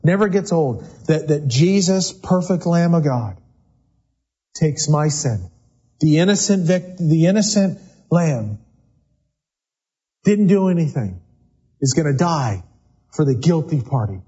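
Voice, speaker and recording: A man's voice: on the high side, expressive, measured pace, long pauses, dark tone, slightly rough, highs cut off. A man preaching a sermon in a church sanctuary, talking in a loose, conversational way and often repeating words as he goes. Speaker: pastor.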